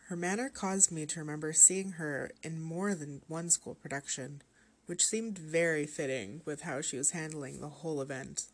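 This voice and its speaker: A woman with a notably low voice reads a horror story aloud, calm and steady. Her measured, even narration carries the listener through the tale.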